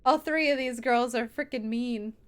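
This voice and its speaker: Excitable high-voiced young woman streamer. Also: moderate pace, clear, resonant tone. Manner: excitable, laughing, exclamatory. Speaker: game streamer. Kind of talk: live gameplay commentary. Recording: faint game music behind.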